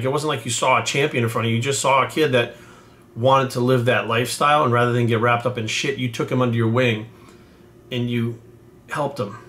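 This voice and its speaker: A man in his forties talks to the camera like a coach recalling a mentor. His storytelling is loose and rambling, salted with swearing, and earnest underneath. His pitch sits in the ordinary middle range for a man. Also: a bit bright. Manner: profane, rambling, heartfelt. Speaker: bodybuilding coach.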